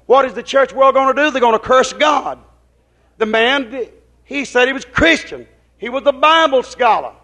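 A man's voice: very high voice, a bit bright. A man preaching a folksy, rambling sermon, often asking the congregation whether they follow him. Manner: folksy, rambling, drops into quoted dialogue.

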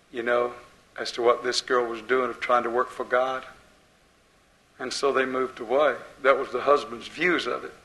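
A man preaching an impassioned sermon as pastor, rising and falling in loudness as he drives his points home. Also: mid-range voice, low-quality recording.

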